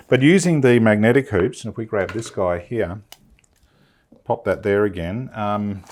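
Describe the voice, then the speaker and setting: Man, fairly low voice, chatty and enthusiastic, casual demo. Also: darkish tone. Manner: chatty, enthusiastic, thinks aloud with fillers. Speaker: sewing demonstrator. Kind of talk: casual product demonstration. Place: film studio.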